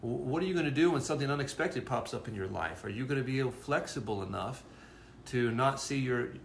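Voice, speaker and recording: Man, gravelly voice, earnest casual explaining, echoey room. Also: mid-range voice, lively intonation, a little fast, slight background noise. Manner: earnest, repeats words while thinking. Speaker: co-host presenting a parenting course.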